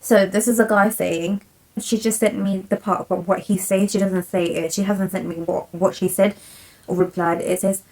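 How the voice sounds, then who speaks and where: A woman's voice: mid-range voice, level tone, moderate pace, a little mellow, poor audio. A young woman, talking casually to her viewers in a chatty, giggly, apologetic way. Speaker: vlogger. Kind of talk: casual chat to camera, reading messages aloud.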